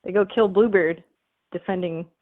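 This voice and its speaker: A woman's voice: medium pitch, steady tone, normal speed. A woman calling in to a comedy show, rambling through a retold fable with lots of fillers and casual swearing. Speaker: caller. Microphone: telephone. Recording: tinny phone line.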